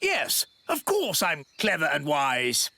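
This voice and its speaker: A man's voice: fairly high pitch, wildly swooping pitch, slow, gravelly, pushed and bright, dry recording, exaggerated voice. A man voicing a vain, pompous fairy king in a cartoon, impatient with details. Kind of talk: cartoon voice acting.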